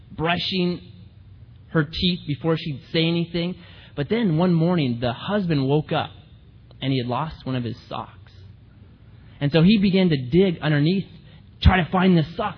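A man preaching a sermon, telling humorous stories in an animated way. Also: on the high side, normal speed, husky, highs cut off. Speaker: pastor. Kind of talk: sermon storytelling.

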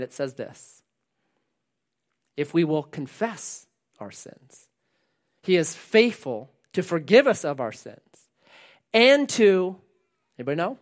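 A man preaching a sermon, animated, swinging between loud emphasis and hushed lines and asking the congregation questions. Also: high voice. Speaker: pastor.

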